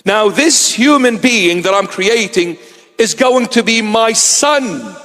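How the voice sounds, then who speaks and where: High-voiced preacher man in a reverberant hall. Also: lively intonation, takes it slowly, fairly bright tone. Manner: storytelling, acts out quoted voices. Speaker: bishop preacher. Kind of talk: sermon.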